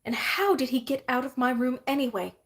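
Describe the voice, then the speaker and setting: A woman voicing a fierce, scornful adult witch who scolds in a sharp, biting way. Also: high voice, steady tone, a little fast. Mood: scolding.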